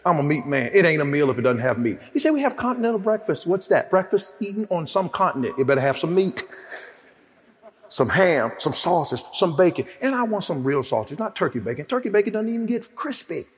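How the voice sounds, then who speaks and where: A man preaching a sermon in a church, animated and humorous, calling on the congregation for amens. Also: fairly high pitch, a little fast. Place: church hall. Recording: echoey hall.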